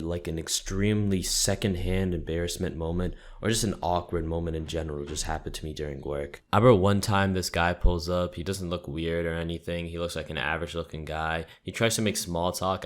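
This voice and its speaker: A young man telling rambling, profane stories in a casual vlog, full of "like" fillers. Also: sits low. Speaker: YouTuber.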